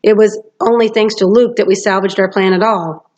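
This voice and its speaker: A woman voicing a commanding male general who booms and growls his orders, in a slightly muffled lo-fi recording. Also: fairly even intonation, normal speed, a little mellow, close to an everyday voice. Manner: booming, growling. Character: booming, commanding male general, stone-hard and menacing.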